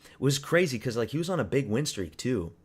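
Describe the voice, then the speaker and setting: A man's voice: mid-range voice, very animated, a little fast, husky. A young man from Canada chatting casually on a live stream, rambling and crude, mocking fighters and talking to his chat.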